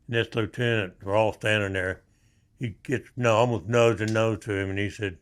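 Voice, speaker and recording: Older veteran, low-pitched, plain-spoken and rambling, for an interview. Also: male voice, steady tone, a little fast, a bit bright. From Oklahoma. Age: 70s. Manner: plain-spoken, rambling war stories with restarts. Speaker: Vietnam veteran guest. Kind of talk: storytelling interview.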